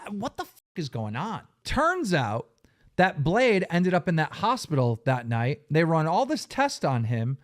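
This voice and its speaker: A man hosting a podcast, telling animated stories and laughing often. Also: on the high side, normal speed. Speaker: podcast host. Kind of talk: casual storytelling.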